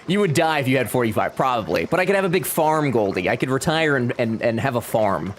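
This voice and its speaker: A man's voice: medium pitch, very animated, fast talker, few pauses, a little hiss or hum. Chatty young man streaming a game. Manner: chatty, joking, talks back to chat. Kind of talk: casual live-stream chat.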